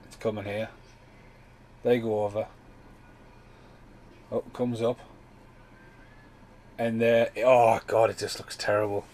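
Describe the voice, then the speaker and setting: A man talks over a film in a relaxed commentary podcast, wandering from thought to thought and swearing freely. His voice sits low, with a faint hiss of background noise under it. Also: slow, pauses often, rough recording. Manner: rambling, sweary, loose chatty delivery. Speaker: podcast host.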